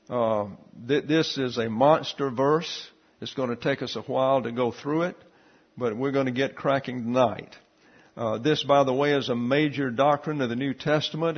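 A man's voice: mid-range voice, muffled recording. Man teaching Bible Greek, many fillers. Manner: explanatory, steady, with frequent "uh" fillers.

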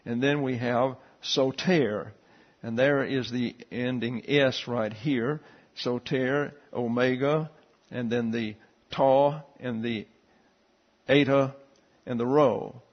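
A man teaching a Bible class, explaining Greek letters and a verse in a steady, explanatory way with frequent fillers. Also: mid-range voice, slow, dull audio.

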